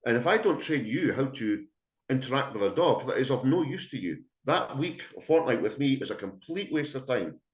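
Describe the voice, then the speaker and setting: A man's voice: mid-range voice, animated, normal speed. A middle-aged man, a dog trainer giving a blunt, emphatic webinar talk full of anecdotes to dog owners. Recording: echoey room.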